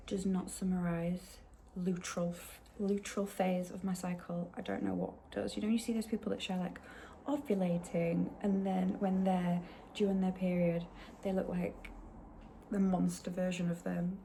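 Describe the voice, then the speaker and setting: A woman in her thirties talking casually to her camera in a diary-style vlog, chatty and openly emotional, sometimes dropping to a hushed near-whisper. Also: fairly low pitch, flat delivery, normal speed, slight background noise. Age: 30s. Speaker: vlogger. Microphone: handheld camera.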